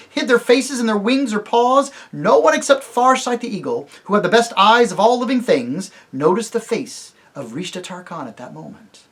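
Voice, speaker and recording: A man, a priest, reading a children's novel aloud with expressive, animated delivery. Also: moderate pace, few pauses. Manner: expressive, animated reading with wide swings in pitch and loudness. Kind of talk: storybook read-aloud narration.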